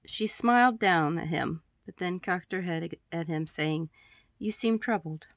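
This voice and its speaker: A woman with a fairly low voice reads her own story into her phone at home. She is chatty and giggly, clearing her throat now and then. The sound is dry and close. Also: unhurried, no echo. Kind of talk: casual reading of her story to camera. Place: room at home with poster backdrop.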